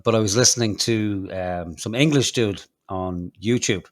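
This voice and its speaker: Irish guy with a lowish voice rambling on a podcast, sweary and laughing. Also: unhurried. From Ireland. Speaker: podcast co-host. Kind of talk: casual commentary.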